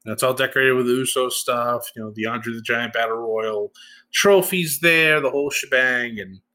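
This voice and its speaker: A man giving a casual solo recap, chatty and animated, often laughing and using fillers. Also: medium pitch, moderate pace. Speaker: show recap host.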